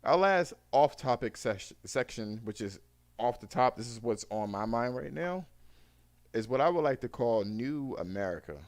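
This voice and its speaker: A man's voice: medium pitch, lively intonation, moderate pace. A man hosting a casual podcast, talking loosely with friends and slipping into joking banter. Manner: laughing, swearing banter. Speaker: podcast host.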